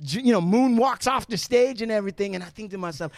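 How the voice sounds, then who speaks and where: A man's voice: high voice, fast, no room sound, clean studio sound. A man hosting a podcast, telling stories in casual chat, joking and swearing as he goes. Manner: animated, profane, joking storyteller. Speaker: podcast host.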